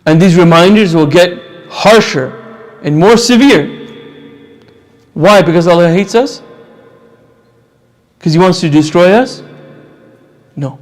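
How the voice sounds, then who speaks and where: Young male lecturer, fairly high voice, emphatic preaching style, drops into quiet asides. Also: takes it slowly, long pauses, soft background music. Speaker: Islamic lecturer. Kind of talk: religious lecture to a live audience.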